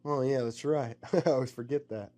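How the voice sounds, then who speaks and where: A man's voice: medium pitch, fairly even intonation, moderate pace, warm tone, close to an everyday voice. A man voicing a brash young man who raises his voice and pleads in a tense standoff. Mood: casual.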